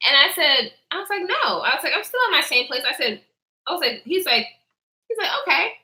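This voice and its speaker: Her high-pitched voice runs fairly quick, bouncing around an echoey room. The young vlogger relays a story time in a relaxed, lively way, performing people's lines, reading chat messages aloud, and laughing a lot.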